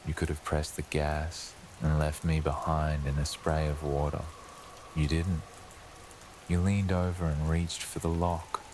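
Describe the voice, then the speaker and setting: A man narrating a scripted horror story for sleep, telling it slowly and ominously as a lurking presence speaking to the listener. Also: a bass voice, little pitch movement, noisy background.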